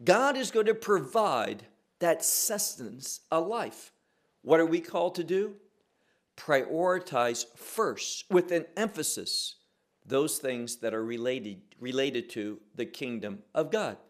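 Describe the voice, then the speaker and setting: A man teaching a sermon on a Bible passage, asking rhetorical questions and answering them, slowing and dropping his voice to stress key words. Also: expressive. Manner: slows and drops pitch to stress key words.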